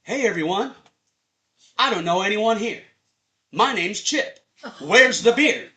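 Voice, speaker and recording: A man doing a brash, loud drunk party guy. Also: sits high, huge pitch swings, slow, roomy sound, voice pushed up, full character voice. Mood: boisterous. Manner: loud, boisterous party announcements.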